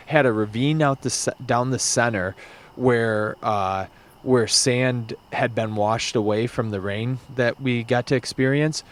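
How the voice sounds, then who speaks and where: A young man guest on a podcast, telling a story casually with halting restarts. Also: medium pitch.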